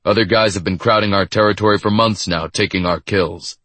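Man doing a huge grumpy exterminator, low husky snarl, dry close sound. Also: steady tone, fairly quick, a bit bright, no room sound. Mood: hostile. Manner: sneering, irritable. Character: very tall hostile male exterminator, territorial.

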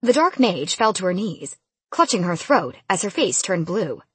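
A woman reading a first-person fantasy audiobook in an expressive, lively storytelling manner. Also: mid-range voice, normal speed, breathy edge, no room sound. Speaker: audiobook narrator.

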